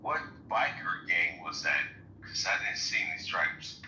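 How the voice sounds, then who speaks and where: A man's voice: sits low, lively intonation, measured pace, bright, forceful tone, slight background noise. A middle-aged man calling in to a chat show, loose and streetwise in his talk. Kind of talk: casual chat. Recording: dull, echoey, far from mic.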